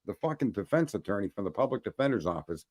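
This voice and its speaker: Male host, rants bluntly, swears a lot, restarts sentences, pitch swings widely. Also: sing-song, fast. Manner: blunt, profane, ranting, addresses folks; repeats words when starting sentences. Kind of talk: profane storytelling.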